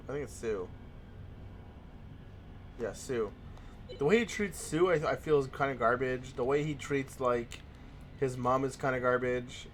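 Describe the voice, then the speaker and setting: A man's voice: mid-range voice, slight background noise. A young man hosting a let's play, chatting in a rambling, casual way with frequent restarts. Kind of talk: casual gaming commentary.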